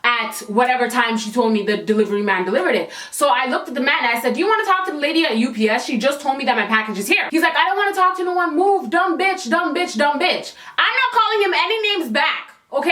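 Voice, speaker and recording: A young woman, telling a sassy, animated storytime for her vlog. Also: sits high. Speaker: vlogger. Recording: echoey room.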